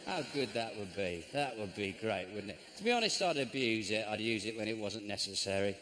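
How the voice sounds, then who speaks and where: A middle-aged man from England doing a stand-up comedy routine, deadpan and grumbling, breaking into sudden shouts. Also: on the low side, fairly quick. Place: large theatre stage. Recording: live show with constant audience noise.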